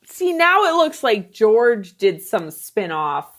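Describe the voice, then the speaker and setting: A woman's voice: on the high side, takes it slowly. A woman comedian guesting on a podcast, chatting casually and telling funny stories about herself with a wry edge. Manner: wry, joking, animated storytelling. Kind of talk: casual chat.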